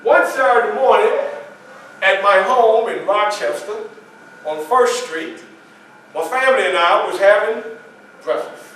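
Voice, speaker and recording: A man's voice: sits high, a little slow, long pauses, a bit bright, a little hiss or hum. A man performing a first-person historical portrayal, telling his story in a folksy, conversational way at a library event. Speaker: historical reenactor. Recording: echoey room, mic far off.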